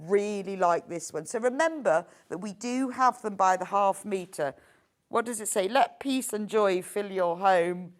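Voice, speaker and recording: A woman presenting products on a live TV shopping show, gushing and enthusiastic as she shows them off, and quick to laugh. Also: a little high.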